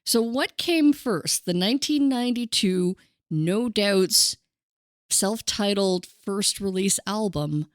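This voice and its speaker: Chatty playful woman podcast host, mid pitch, dry close sound. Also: expressive, slow, no echo. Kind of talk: casual music chat.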